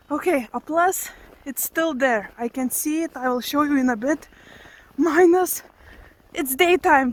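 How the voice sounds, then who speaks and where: A young woman with a high, bright-pitched voice talks straight to her viewers in a casual vlog. She is excitable and laughs often, exclaiming as she goes. She is from Lithuania, with Lithuanian as her first language. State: out of breath. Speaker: vlogger. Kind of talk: casual vlog chat to camera.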